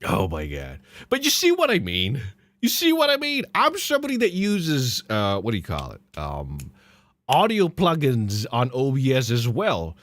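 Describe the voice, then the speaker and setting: A man's voice: medium pitch, no echo. Laughing, mocking podcast man. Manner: mocking, laughs often, swears. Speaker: podcast host. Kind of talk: casual commentary on clips.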